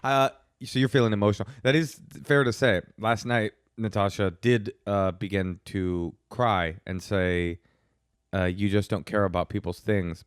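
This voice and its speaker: A man co-hosting a podcast from home, chatting casually with wry, deadpan storytelling. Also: deep voice, clean tone, no room sound, studio quality. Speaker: podcast co-host. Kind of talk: casual chat. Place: home studio.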